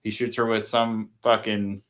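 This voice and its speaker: A man's voice: lowish voice, level tone, a little slow, fairly bright tone. A man in casual chat, hosting and retelling a movie in a rambling, profane way. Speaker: podcast host.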